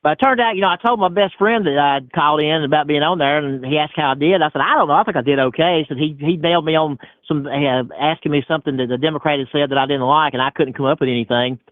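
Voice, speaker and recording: Fast-talking man on a tinny phone line. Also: a little high, no echo. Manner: rapid, rambling, repeats himself. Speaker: caller. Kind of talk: phone call-in chat.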